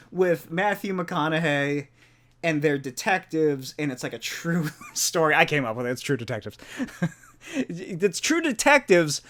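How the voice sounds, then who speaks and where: A male podcast host talks on his own in a loose, rambling way. His voice sits a little high for a man. He swears casually and often laughs mid-sentence. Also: fairly bright tone. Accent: non-native or regional accent. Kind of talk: casual solo podcast chat.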